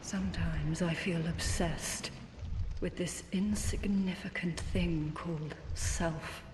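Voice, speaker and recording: An actress voicing a solemn, cursed woman in a game who speaks gravely and earnestly about keeping her sense of self. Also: lowish voice, fairly even intonation, slow, a little mellow. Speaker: game character. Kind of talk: game dialogue. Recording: roomy echo with long reverb.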